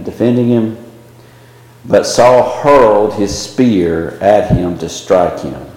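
A man's voice: low voice, darkish tone. A man leading a small Bible study class, talking casually with many fillers and restarts. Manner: conversational, with frequent fillers and restarts. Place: church classroom with a small group. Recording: very echoey room.

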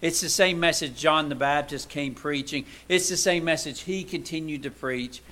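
At a normal speed, a man gives a chatty, conversational sermon. He keeps asking his audience rhetorical questions, and his volume swings from emphatic and loud to quiet and low for asides.

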